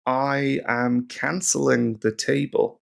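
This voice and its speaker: Brief: Northern Irish male tutor, mid-pitched, gravelly, rambling and informal. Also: little pitch movement, slow. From Northern Ireland. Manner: rambling, chatty, with frequent ums. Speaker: language teacher. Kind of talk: casual language lesson.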